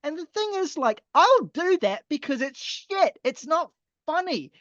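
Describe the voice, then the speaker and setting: A man's voice: very high-pitched, sing-song, unhurried, a bit bright, no room sound. Exasperated male podcast co-host, sweary ranter, muffled dry home recording. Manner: exasperated, sweary, laughs often, mocking quotes in a silly voice. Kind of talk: casual ranting album review.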